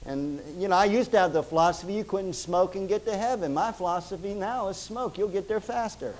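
A man preaching a sermon as pastor, emphatic, swinging between loud stresses and hushed closing prayer. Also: high voice, fairly quick, poor audio.

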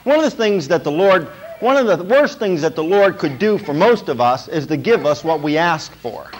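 Man, pastor, sermon, emphatic, repetitive, slightly high pitch. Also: lively intonation, normal speed, rough recording. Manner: emphatic, repetitive preaching with frequent "okay?" checks.

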